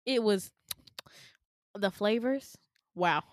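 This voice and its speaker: A woman with a mid-range voice speaks at normal speed in a dry, clean studio recording. She's co-hosting a podcast and casually describing a dream, animatedly acting out what people in it said, swearing and laughing as she goes.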